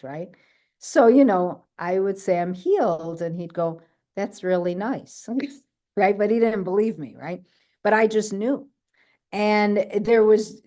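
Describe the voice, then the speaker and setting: A woman telling a personal story on a video call, animated, often checking in with "right?" and acting out what others said. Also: on the low side. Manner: acts out other people's quoted lines. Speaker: guest speaker. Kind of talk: personal story in an online talk.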